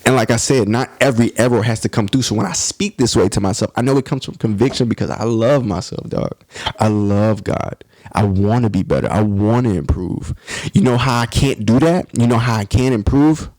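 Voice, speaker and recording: A man's voice: on the low side, fairly quick, creaky, darkish tone. A man hosting a podcast, talking in a blunt, profane, passionate monologue about faith and self-improvement. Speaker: podcast host.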